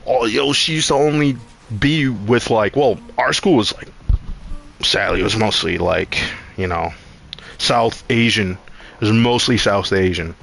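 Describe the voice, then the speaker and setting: A man's voice: fairly low pitch, measured pace, vocal fry, a bit bright. A young male streamer talks loosely and profanely. He rambles through a story and acts out his own past lines in casual live-stream chat.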